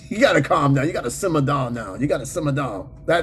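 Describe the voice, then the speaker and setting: A man with a New York City accent hosts a casual livestream, reading viewer comments aloud in an animated, profane way and laughing often. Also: fairly high pitch, quick pace, hardly any pauses, slight background noise. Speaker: host.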